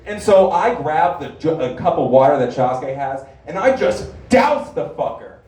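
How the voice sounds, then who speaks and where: A man's voice: a little high, very animated, a little slow, a little mellow. A young man telling a crude, rambling stand-up story on a comedy club stage. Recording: roomy club, distant mic.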